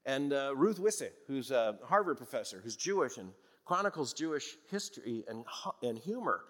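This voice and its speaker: Folksy older preacher in a reverberant hall. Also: male voice, medium pitch, big pitch swings, moderate pace, fairly bright tone. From American South. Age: 60s. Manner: conversational, folksy, with restarts and chuckles. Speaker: pastor. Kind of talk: sermon.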